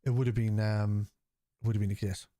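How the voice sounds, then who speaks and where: A man's voice: fairly low pitch, flat delivery, brisk, warm tone, no echo, studio quality. A man hosting a live fan watchalong, reading out and answering viewer chat in a blunt, casual way, swearing freely. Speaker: fan channel host.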